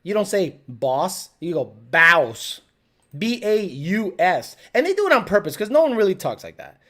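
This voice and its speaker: A woman hosting a live show, telling stories in a loose, profane way. Her pitch swings widely as she tells them, and she laughs often between lines. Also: big pitch swings, normal speed, darkish tone. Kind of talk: casual storytelling.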